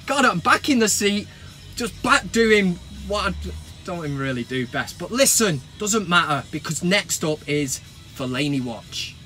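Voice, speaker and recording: An English man hosting a football fan vlog, talking to camera in an animated, sarcastic rant and swearing freely. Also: high-pitched, moderate pace, faint music behind.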